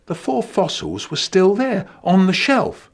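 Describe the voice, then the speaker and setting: A man telling comic stories for children in an animated, playful way, bursting into loud silly shouts. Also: sits high, measured pace. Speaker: comic storyteller.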